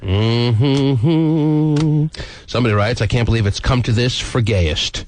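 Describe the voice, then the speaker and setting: A man hosting a morning radio talk show, teasing his guests and reading out listener texts in a wisecracking, animated way. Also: mid-range voice, takes it slowly, a little hiss or hum.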